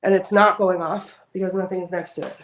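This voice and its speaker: A woman's voice: fairly low pitch, fairly even intonation, fairly quick. Woman coaxing spirits in an echoey room. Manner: soft, coaxing voice when speaking to spirits. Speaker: field investigator on a live ghost hunt. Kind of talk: live-streamed walkthrough. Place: inside an old house. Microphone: phone on a selfie stick.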